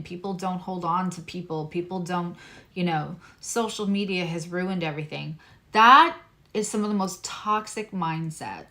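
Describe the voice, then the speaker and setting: Lowish-voiced woman doing tarot readings, from long island, chatty and emphatic, repeats herself. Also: moderate pace, pushed and bright. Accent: neutral American, former Long Island accent dropped. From Long Island, New York. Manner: emphatic, repeats key phrases, chatty asides. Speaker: astrologer and tarot reader. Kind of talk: casual tarot reading talk.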